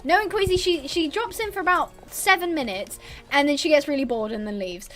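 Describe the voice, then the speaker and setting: A woman's voice: high voice, fairly quick, soft background music. A young woman hosting a casual livestream, rambling chattily, reading out chat messages and laughing often. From born abroad on a military base, British. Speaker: livestream host.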